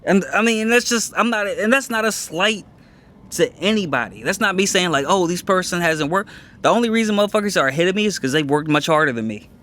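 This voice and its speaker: A comedian co-hosting a podcast in casual chat, talking candidly and boastfully in quick restarts and swearing freely. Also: male voice, sits high, animated, sharp tone.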